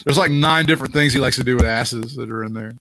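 A man co-hosting a casual podcast, crude and animated, laughing often at his own jokes. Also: medium pitch, fast talker, noisy background. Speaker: podcast co-host.

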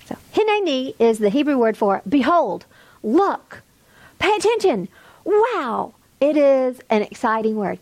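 A middle-aged woman teaching a Bible study class, with emphatic, lively stresses. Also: a little high, a little slow, no room sound.

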